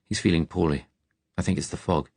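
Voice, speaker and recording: A man playing a thoughtful, dry-witted man who speaks in a measured, even tone. The voice sits slightly above the narrator's deep register and sounds close and dry. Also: creaky, breathy edge, no echo, heavily acted.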